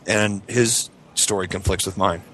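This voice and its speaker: A man's voice: sits low, measured pace, heavy background noise. A man telling a profane story in casual chat, acting out what others said in a raised voice. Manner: animated, profane, acts out quoted lines in a raised voice. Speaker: show regular telling a story.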